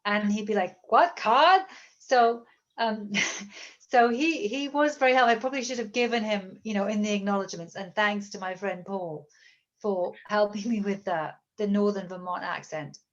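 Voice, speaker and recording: A woman's voice: mid-range voice, moderate pace, highs cut off. A British woman author answering audience questions in a thoughtful, hesitant way, often repeating words. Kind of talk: bookstore author Q&A.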